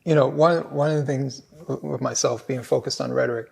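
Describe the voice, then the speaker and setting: A man's voice: mid-range voice, steady tone, fairly quick, vocal fry, darkish tone, breathy edge. A man, a writer hosting a casual conversation, talking in a reflective, wry way. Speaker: host, writer.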